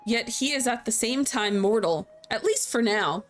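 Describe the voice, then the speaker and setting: A woman voicing an ancient dragon, reading its archaic lines slowly and formally. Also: fairly high pitch, animated, soft background music, close to an everyday voice. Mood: solemn. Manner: slow, measured, formal old-fashioned phrasing. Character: ancient solemn dragon speaking archaic English.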